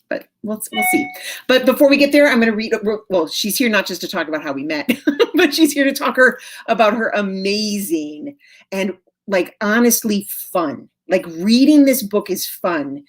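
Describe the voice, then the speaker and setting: A woman in her forties hosting an author interview over a video call, chatty and enthusiastic, with many fillers and frequent laughs. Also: mid-range voice. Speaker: host of an author interview show. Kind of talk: casual video chat interview.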